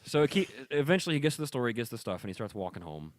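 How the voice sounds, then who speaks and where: A man's voice: medium pitch, big pitch swings, racing. A man co-hosting a casual podcast, telling a long rambling joke and acting out the characters' lines. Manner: rambling storyteller with restarts and quoted voices. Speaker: podcast co-host.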